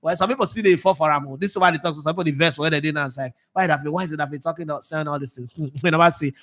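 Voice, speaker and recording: A Nigerian man with a Nigerian accent, hosting a casual football commentary show, who talks in an animated way, drifts between Pidgin and English and laughs often. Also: a little high, very fast. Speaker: sports show host.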